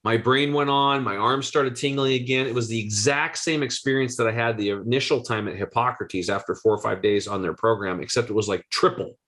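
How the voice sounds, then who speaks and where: A man in his forties, a guest health coach, telling a story with excitable, slangy energy. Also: medium pitch, a little fast, hardly any pauses. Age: 40s. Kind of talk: animated storytelling.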